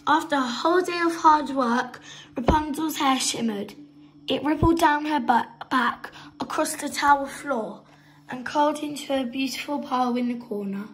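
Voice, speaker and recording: A woman reads a children's picture book aloud, expressive and unhurried at the pauses. Her voice is high. A faint background noise runs under it. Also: poor audio. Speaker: storybook reader.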